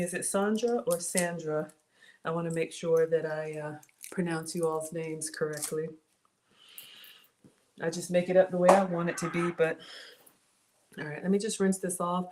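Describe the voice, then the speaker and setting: A woman's voice: low-pitched, darkish tone. A woman home cook talking casually to her livestream viewers from her kitchen and greeting them by name, recorded on a phone. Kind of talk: casual cooking livestream chat. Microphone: cell phone and tablet. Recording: noisy phone livestream audio.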